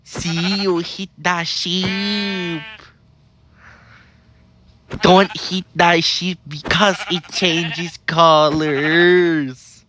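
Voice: medium pitch, little pitch movement, extremely slow, long pauses, a bit bright, slight background noise. A narrator of a comedy video giving repetitive scolding commentary over gameplay, repeating the same warnings over and over.

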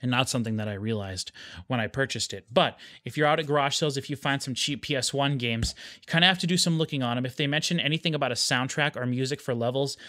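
Regular-pitched guy rambling on his home vlog, bunch of uhs, dry sound. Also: fast, bright, forceful tone, no room sound. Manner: rambling, with hesitations. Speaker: YouTube host. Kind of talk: casual vlog chat.

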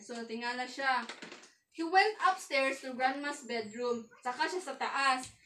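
A woman's voice: sits high, moderate pace, pushed and bright, slight background noise. A woman student teacher, reading a storybook to a class at home and stopping to explain it. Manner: switches between reading and explaining. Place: home room. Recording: echoey room, distant mic.

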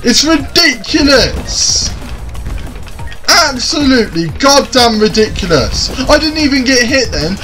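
A man commentating his own gameplay, often frustrated, swearing and shouting at the game. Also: very high voice. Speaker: gaming YouTuber. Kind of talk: let's play commentary.

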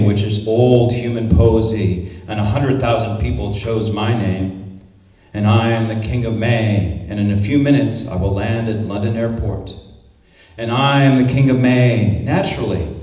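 A man's voice: mid-range voice, a little mellow. A man reading poetry aloud at a conference, in a declamatory, incantatory recitation with repeated refrains. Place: conference hall. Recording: echoey hall, mic at a distance.

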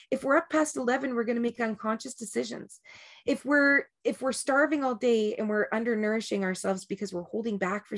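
A woman giving a casual, rambling talk on breaking habits before a group meditation, often restarting and checking in with "right?". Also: mid-range voice.

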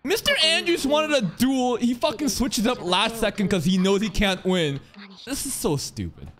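A man hosting a live anime reaction, heated and profane, yelling at the screen. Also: high-pitched, expressive, normal speed. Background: anime episode audio with music.

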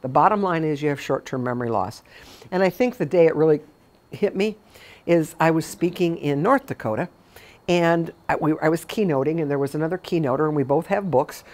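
A woman's voice: sits low, fairly quick, a little mellow. A middle-aged woman, a memory care consultant, talking informally to caregivers as a chatty storyteller with emphatic repetitions.

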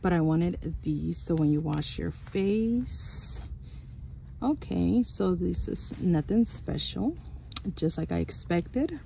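A woman chatting through an unboxing haul at home, excitable and chatty, gasping and exclaiming over each item. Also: on the low side, slow, gravelly, a little hiss or hum. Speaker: haul vlogger. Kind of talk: casual unboxing chat. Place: home room.

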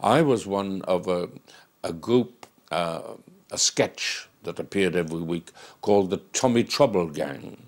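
Older man, interview, ex-radio performer; low creaky voice, reflective. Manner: reflective, with pauses and fillers. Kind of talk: documentary interview.

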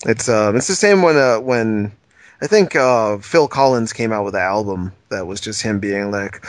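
A man's voice: lowish voice, normal speed, dry recording. A man co-hosting a casual podcast, rambling and thinking aloud with lots of fillers. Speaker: podcast co-host. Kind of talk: casual chat.

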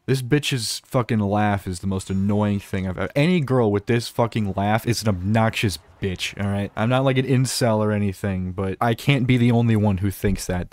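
A man's voice: fairly low pitch, no echo. Furious profane man ranting, dry sound. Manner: heated, profane, stumbling restarts. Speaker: reaction video host. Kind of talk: angry ranting commentary.

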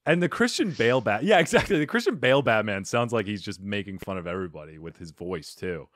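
A man's voice: lowish voice, lively intonation, fast, hardly any pauses, a bit bright, no room sound, studio quality. A man hosting a comedy podcast in casual chat, effusive and playful. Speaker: podcast host.

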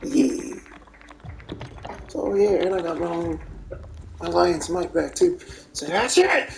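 A woman talks through her gameplay in a loose, profane, animated way, her pitch swinging widely. Her voice has a gravelly edge and she takes her time with each phrase. Clear background noise sits under the recording. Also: slow pace, rough recording. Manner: animated, profane, retells teammates' reactions with laughter. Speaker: gamer streaming gameplay. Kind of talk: casual gameplay commentary.

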